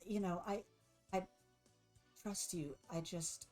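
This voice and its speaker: A woman's voice: fairly low pitch, darkish tone, soft background music, voice pushed up. A woman doing a nervous, apologetic teen hero girl. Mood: anxious. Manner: halting, stumbling apologies.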